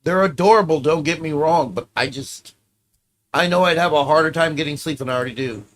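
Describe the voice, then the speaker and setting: A man's voice: on the high side, fairly quick, a bit bright. A man streaming casually, reacting to clips with offhand, profane commentary.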